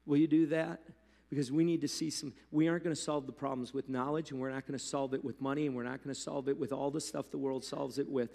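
A man preaching a sermon as pastor, talking to the congregation in a loose, animated way with asides. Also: medium pitch, fast talker, vocal fry. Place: church hall. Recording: long hall reverb.

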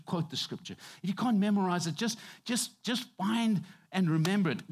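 Emphatic man preaching a sermon. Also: on the high side. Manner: conversational, emphatic preaching with repetitions and restarts.

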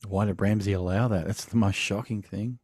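A man's voice: on the low side, steady tone, brisk, darkish tone, no room sound, clean studio sound. A man with an Australian accent, a podcast guest chatting casually, blunt and teasing and swearing freely. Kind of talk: casual chat.

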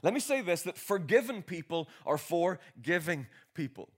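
A Northern Irish man in his forties, with a high-pitched, sing-song voice at a moderate pace, preaches a sermon. He tells a homely story and builds toward rousing exhortation.

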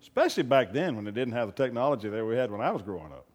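A man preaching a sermon as pastor, moving from low conversational talk to loud, fervent preaching. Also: sing-song, racing. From raised on a farm. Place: church hall. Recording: long reverb of a church hall.

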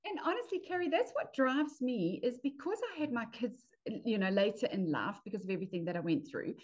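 A woman from South Africa, a podcast guest, talking enthusiastically and warmly about her plans over a video call. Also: on the high side, lively intonation, a little fast, highs cut off. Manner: enthusiastic, upbeat, laughs often. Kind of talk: casual chat.

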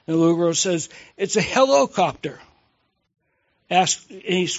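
Guy preaching, high-ish voice, cracks jokes and quizzes the crowd, kinda muffled recording. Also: lively intonation, moderate pace. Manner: jokey, conversational, asks the congregation questions. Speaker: pastor. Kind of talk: sermon.

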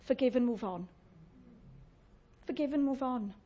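A woman preaching a sermon, chatty and warm-humoured, often asking the congregation questions and laughing. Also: sits high, unhurried.

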